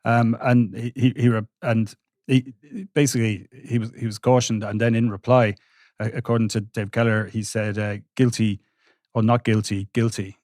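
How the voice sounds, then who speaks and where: A man, a court reporter recounting trial testimony on a podcast with halting restarts. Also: fairly low pitch, flat delivery, a little mellow, dry recording, studio quality. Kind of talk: podcast discussion.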